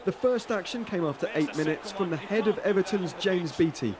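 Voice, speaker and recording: High-voiced man sports reporter. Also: lively intonation, crowd noise. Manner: brisk, scripted delivery.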